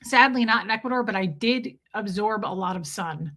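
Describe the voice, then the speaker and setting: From a countryside home, a woman hosts a casual livestream, chatting playfully and reading viewers' names aloud. Her voice is mid-range and a bit bright, at normal speed.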